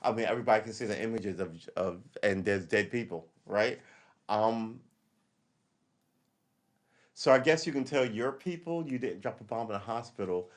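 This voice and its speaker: A man's voice: lowish voice, moderate pace, pauses often. A man hosting a live stream, rambling through casual commentary, correcting himself and reading the chat aloud.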